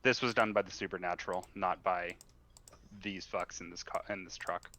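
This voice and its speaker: A man's voice: deep voice, fairly even intonation, moderate pace, sharp tone. A man playing in a tabletop role-playing game, talking casually and laughing easily. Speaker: player. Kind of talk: tabletop role-play talk.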